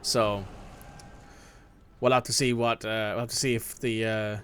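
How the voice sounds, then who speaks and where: A man's voice: lowish voice, little pitch movement, measured pace, a bit bright, a little hiss or hum. A man giving casual let's-play commentary as he plays, chatting with a viewer. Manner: chatty, talks to a viewer while playing. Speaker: gameplay streamer.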